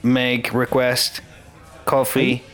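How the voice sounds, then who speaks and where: A man putting on a stiff, malfunctioning male robot voice, talking in slow, broken robot phrases. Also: medium pitch, completely flat delivery, fairly bright tone, soft background music. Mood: mechanical.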